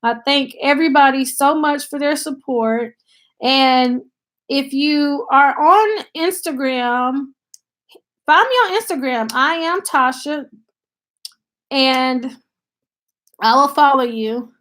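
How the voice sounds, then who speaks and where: Southern country gal chatting on a livestream into her laptop mic, high voice, takes her time. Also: slow, pauses often, a bit bright. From Tennessee, US South. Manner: chatty, thanks viewers by name, many fillers. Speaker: channel host on a live stream. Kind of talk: casual live-stream chat.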